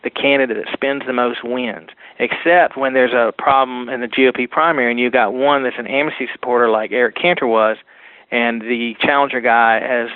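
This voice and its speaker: A man guest on a political talk radio show, calling in and talking fast and insistently in long run-on sentences. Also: medium pitch, no room sound. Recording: phone line.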